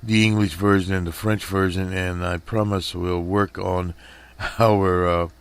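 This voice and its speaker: A male radio host with a very low, gravelly voice and an unhurried delivery. He stumbles through news headlines with constant fillers and restarts, sounding a little strained. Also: flat delivery. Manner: halting, many fillers and restarts. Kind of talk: casual commentary over headlines.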